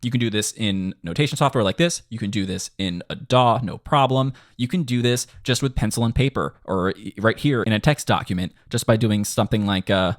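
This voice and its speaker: A man teaching melody writing in a casual tutorial, animated and quick, now and then singing bits of lyrics. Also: on the low side, no echo, clean studio sound. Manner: animated, quick bursts, sings snippets of lyrics. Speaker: music composition teacher.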